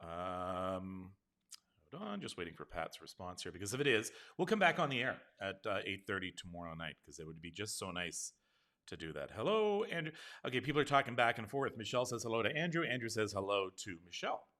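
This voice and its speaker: A middle-aged man, hosting a casual live online chat show and reading viewer comments aloud in a chatty way. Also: sits low. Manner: chatty, warm-hearted, reads comments aloud.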